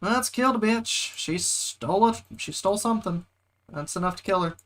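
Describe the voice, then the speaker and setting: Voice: mid-range voice, normal speed, fairly bright tone. A streamer, joking and chatting casually during a game. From United States. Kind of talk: casual gameplay chat.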